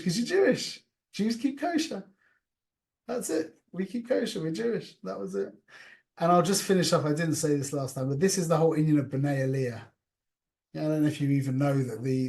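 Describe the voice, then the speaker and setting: A man teaching an informal class in a lively, conversational way, often restarting his sentences and sprinkling in Yiddish and Hebrew terms. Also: medium pitch.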